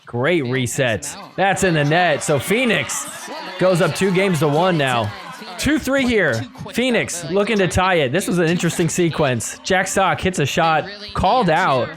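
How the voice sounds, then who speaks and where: A man hosting a podcast, recapping match highlights in casual play-by-play style, chuckling often and doing quick voices for the players. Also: expressive, music in the background. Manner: impersonates players in quick asides. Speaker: podcast host.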